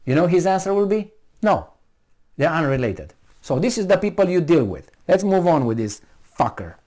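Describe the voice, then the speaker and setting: A man's voice: high-pitched, expressive, fairly quick, warm tone. A man giving a heated, sarcastic running commentary, mocking and arguing with the people he talks about. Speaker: political commentator. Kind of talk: ranting video commentary.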